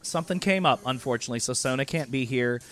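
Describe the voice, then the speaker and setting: A man's voice: mid-range voice, fast, a bit bright. A man hosting a casual online hangout, loose and slangy, talking over a video call. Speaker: host. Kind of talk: casual chat.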